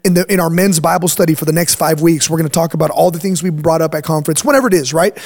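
A man's voice: a little high, very fast, darkish tone. A man hosting a faith podcast as pastor, talking in an emphatic, preachy way and checking in with "right?" as he explains. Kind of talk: casual chat.

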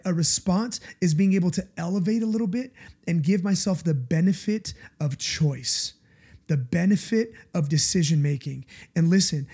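Male pastor, conversational sermon; warm, mellow tone, emphatic and confessional. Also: on the high side, husky. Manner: earnest, confessional, emphatic, often asks listeners "right?".

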